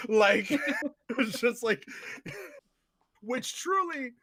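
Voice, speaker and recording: A man hosting a casual podcast chat, excitable and quick to laugh. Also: very high voice, no echo. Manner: excitable, laughs often, shouts quoted lines. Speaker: podcast host.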